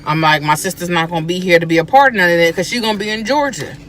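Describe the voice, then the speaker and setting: A woman recounts family memories in a casual chat from inside a car. She is animated, often acting out what she and others said. Faint vehicle noise runs behind her. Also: on the low side, very fast. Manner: animated, acts out quoted speech. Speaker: guest, host's sister.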